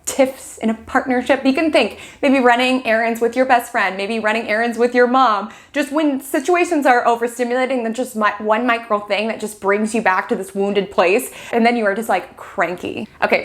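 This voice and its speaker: A young woman hosting an astrology forecast, talking casually with lots of "like" and acting out little quoted scenes. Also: fairly high pitch. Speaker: astrologer host.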